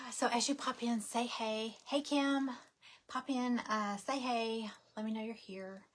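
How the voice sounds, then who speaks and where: A woman's voice: fairly high pitch, steady tone, unhurried. A woman hosting a craft livestream, chatting casually and muttering to herself now and then.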